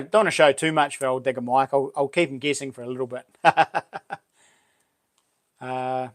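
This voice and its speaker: A man from New Zealand with a fairly high-pitched voice hosts a casual live stream. He chats in a relaxed, slang-heavy way and reads out comments from viewers.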